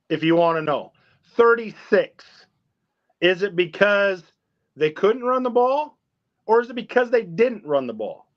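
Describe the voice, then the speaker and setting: A man co-hosting a sports talk show, blunt and fired up, citing stats. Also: high-pitched. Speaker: podcast co-host. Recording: dull lo-fi audio.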